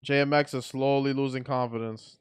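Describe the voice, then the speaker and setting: A man calls a boxing match live as he watches it, giving excitable, blunt play-by-play. His voice is smooth and clear at a middle pitch, and he often restarts his sentences. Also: fairly quick. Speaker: watch party commentator. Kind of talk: live fight commentary.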